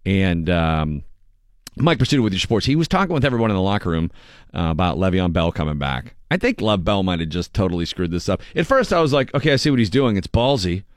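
Middle-aged male radio host, lively and animated, a storyteller who acts out quotes. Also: low-pitched, fairly quick, smooth, no echo, clean studio sound. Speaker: radio morning show host. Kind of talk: casual banter.

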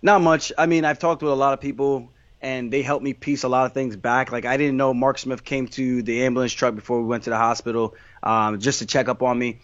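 A man's voice: medium pitch, flat delivery, brisk, hardly any pauses, fairly bright tone, dry recording. A man being interviewed about his fighting career, talking in a candid, meandering way full of restarts and fillers. The sound is dry and slightly dull, as though the voice was captured close with no room around it. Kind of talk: casual interview answers.

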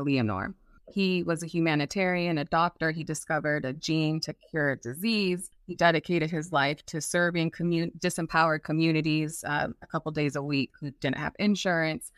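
A woman, a nonprofit leader, explaining in an interview in a measured, deliberate way. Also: low-pitched, no room sound, clean studio sound. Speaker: guest, CEO of a nonprofit.

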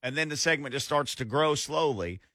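A man's voice: mid-range voice, lively intonation, normal speed, a bit bright, dry recording, studio quality. A man co-hosting a sports radio show, loose and playful, often laughing as he chats. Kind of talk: casual sports radio banter. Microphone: studio microphone.

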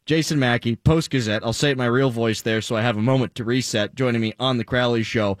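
A man hosts a sports talk radio show in a mid-pitched, plain-spoken voice, cracking jokes with his guest. The studio sound is close and dry, with no room echo. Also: steady tone, quick pace.

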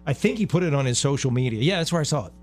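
A man's voice: mid-range voice, lively intonation, rapid-fire, darkish tone, a little hiss or hum. A middle-aged man hosting a radio show, chatting casually and getting heartfelt and a bit choked up.

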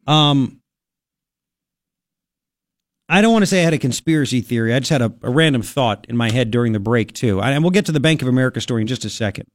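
A man hosting a talk radio show in a studio, excitable and rambling, with lots of exclamations. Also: mid-range voice, fairly quick, pauses often, no echo. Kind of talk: animated talk radio banter.

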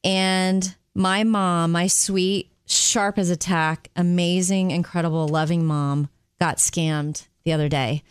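A woman's voice: fairly low pitch, steady tone, takes it slowly, hardly any pauses, smooth, dry recording, clean studio sound. A woman co-hosting a chat show, telling a personal story earnestly. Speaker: co-host. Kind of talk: casual chat.

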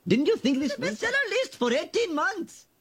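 A man's voice: extremely high pitch, sing-song, normal speed, a crowd in the background. An actor voicing an earnest Indian male shopkeeper in a cartoon, with a put-on Indian accent. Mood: exasperated. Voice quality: exaggerated put-on accent, sing-song. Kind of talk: cartoon voice acting.

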